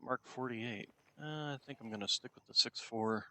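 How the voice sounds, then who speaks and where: A man's voice: mid-range voice, normal speed, pushed and bright, a little hiss or hum. A man streaming a shooter game, chatting casually and talking to his cat between game remarks. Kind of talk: casual gameplay commentary.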